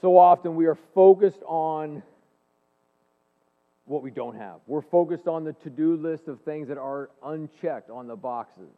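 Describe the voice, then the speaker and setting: A man in his forties giving an earnest, animated faith-based talk, telling personal stories to an audience in a large hall. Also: fairly high pitch, a little slow. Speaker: speaker and leadership coach. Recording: long hall reverb, phone-like band.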